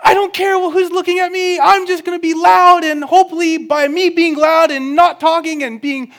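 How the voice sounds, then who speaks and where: Tantrum toddler girl, loud and stubborn, pitched way up, played by a man. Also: fairly even intonation, normal speed. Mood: defiant. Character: defiant four-year-old girl mid-tantrum.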